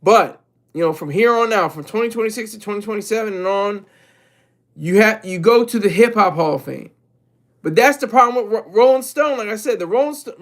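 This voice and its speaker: A man's voice: high-pitched, fairly bright tone. A man streaming live, commenting on music and answering his chat in a loose, rambling way, often repeating and correcting himself.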